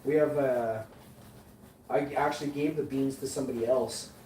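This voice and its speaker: A man's voice: medium pitch, steady tone, normal speed, dark tone, far from the mic. A man rambles boastfully to his vlog audience, full of slang and restarts. His voice sits in an ordinary middle range. The room is echoey and the mic sits some way off, with a faint hiss behind him. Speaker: vlogger, channel host. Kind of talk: casual rambling monologue.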